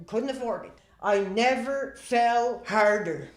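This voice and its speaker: A man in his thirties rambling through a comedic livestream rant, with dramatic pauses, sighs and stammering restarts. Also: sits high, roomy sound. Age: 30s.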